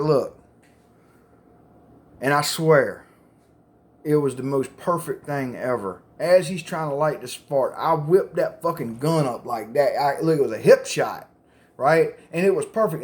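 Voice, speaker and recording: A man, rambling and swearing as he casually tells old stories into his phone camera, getting loud and excited at the punchlines. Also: a little high. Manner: profane, rambling, gets loud and excited telling jokes. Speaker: storyteller.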